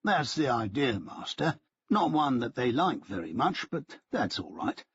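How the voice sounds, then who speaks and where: A man's voice: medium pitch, very animated, a little slow, husky, no room sound, lo-fi sound, exaggerated voice. A man voicing a wry, formally polite middle-aged male spy handler who calls his listener sir. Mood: dry, courteous. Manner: formal, dryly ironic, addresses listener as sir.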